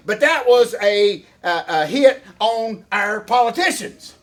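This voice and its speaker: A man's voice: very high-pitched, expressive, measured pace, hardly any pauses, a bit bright. A middle-aged man, co-hosting a casual wrestling chat in a folksy, rambling way and coming back to the same catchphrases. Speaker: co-host.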